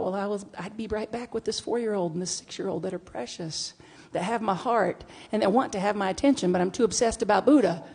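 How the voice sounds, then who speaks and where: Animated woman minister telling a story. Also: breathy edge. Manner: animated, acts out dialogue with big swings in pitch and volume. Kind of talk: storytelling sermon. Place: church sanctuary.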